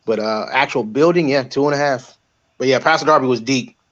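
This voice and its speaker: A man on a panel talking casually, relaxed and rambling with plenty of fillers. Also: medium pitch, fairly quick. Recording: dull lo-fi mic.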